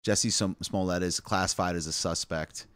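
A man's voice: low voice, fairly even intonation, normal speed, fairly bright tone, clear, resonant tone, dry recording, clean studio sound. A man hosting a casual live stream, reading headlines aloud with wry asides and chuckles. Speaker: live show host.

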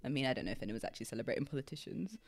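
A young woman co-hosting a podcast in casual chat, measured and keeping the talk on track. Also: very deep voice, big pitch swings, crowd noise. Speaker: podcast co-host.

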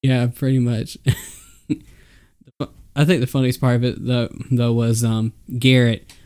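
A man's voice: mid-range voice, level tone, unhurried, dark tone, smooth. A man co-hosting a podcast, rambling through stories with fillers and frequent laughter. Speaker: podcast co-host. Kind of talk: casual chat.

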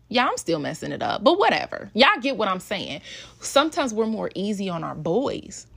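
A woman's voice: on the high side, sing-song, brisk, creaky, fairly bright tone. A woman, a mother talking casually and emotionally about raising her kids. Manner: chatty, emotional, switches into voices when quoting. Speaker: mother sharing parenting experience. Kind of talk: casual personal talk to an audience.

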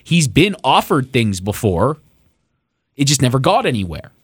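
A man's voice: medium pitch, big pitch swings, normal speed, slightly rough, no echo, studio quality. A young man co-hosting a sports podcast, ranting sarcastically and swearing as he builds up heat. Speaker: podcast co-host. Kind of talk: casual sports podcast rant.

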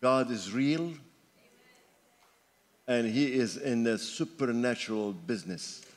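A man in his seventies from Lebanon, preaching a sermon as pastor, rising fervently and then dropping quiet for personal stories. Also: mid-range voice, expressive, slow pace. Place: church sanctuary. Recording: long hall reverb with faint music.

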